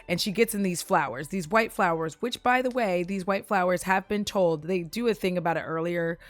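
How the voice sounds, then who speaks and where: A woman casually recapping a movie, profane, giggly and animated as she tells the story. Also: fairly low pitch, normal speed, dry recording.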